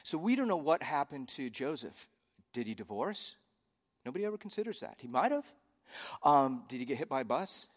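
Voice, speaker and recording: A man's voice: medium pitch, very animated, fairly quick, big-room sound. A man pastor preaching a sermon in a conversational way, with joking asides.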